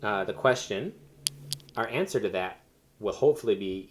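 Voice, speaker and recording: A man's voice: lowish voice, expressive, moderate pace. A man teaching a Spanish lesson, explaining step by step with fillers and self-corrections. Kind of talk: recorded classroom lesson.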